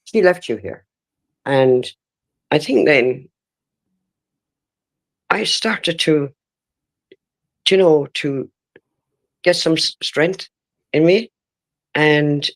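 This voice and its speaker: A woman in her sixties with an Irish accent, giving halting, emotional personal testimony in an interview and often breaking off and restarting. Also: very deep voice. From Ireland. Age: 60s.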